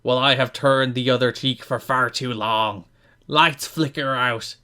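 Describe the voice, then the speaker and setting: A man putting on a brooding male wrestler who recites gloomy poetry in a slow, pompous, drawn-out way. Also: mid-range voice, fairly even intonation, pushed and bright.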